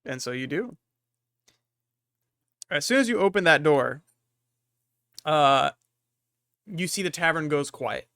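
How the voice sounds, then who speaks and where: Halting man narrating a game, dry sound. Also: on the high side, expressive, sharp tone, clean tone, no echo. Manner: halting, with many fillers. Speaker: game master.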